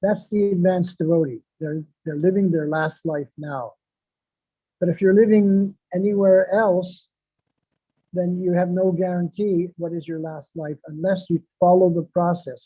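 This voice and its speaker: Husky-voiced man giving a devotional sermon. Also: high-pitched, steady tone, measured pace, no echo. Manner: repeats phrases for emphasis, recites Sanskrit verses. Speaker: devotional speaker. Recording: dull lo-fi, dry sound.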